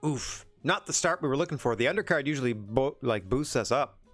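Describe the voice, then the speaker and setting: A man's voice: mid-range voice, expressive, a little fast, a bit bright, faint music behind. A man streaming a wrestling management game, chatting casually in a rambling, self-deprecating way. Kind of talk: casual gameplay commentary.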